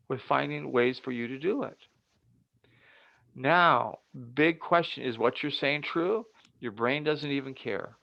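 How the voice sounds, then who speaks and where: Gravelly older man giving a motivational talk. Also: mid-range voice, no room sound. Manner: earnest, emphatic and building up to points. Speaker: guest speaker. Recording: dull lo-fi dry audio.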